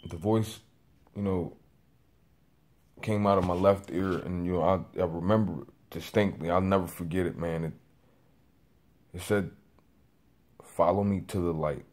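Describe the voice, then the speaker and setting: A young man in his twenties with a lowish voice gives a personal testimony to camera. He wanders through his story, circling back and restarting, full of casual fillers. He calls himself a loud talker who keeps trying to rein it in. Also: fairly even intonation, unhurried, long pauses. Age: 20s. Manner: rambling, with many fillers and restarts; says he is a loud talker working on voice control. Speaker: vlogger.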